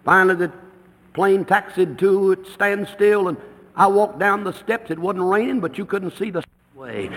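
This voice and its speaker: A man preaching a sermon, telling a story and then swinging between loud declarations and hushed, near-whispered lines. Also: high-pitched, moderate pace, big-room sound.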